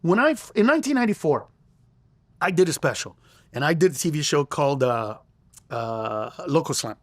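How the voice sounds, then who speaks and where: Excitable high-voiced man telling a story. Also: brisk, no room sound. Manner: profane, excitable, acts out quoted voices. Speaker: comedian guest. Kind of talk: animated storytelling in an interview.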